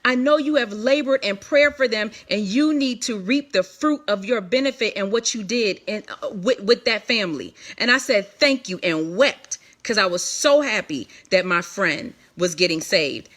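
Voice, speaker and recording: Woman, bright, forceful tone, candid testimony, emphatic, repeats herself. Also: medium pitch, animated. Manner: emphatic, repetitive, quick restarts. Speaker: ministry leader speaking to an online audience.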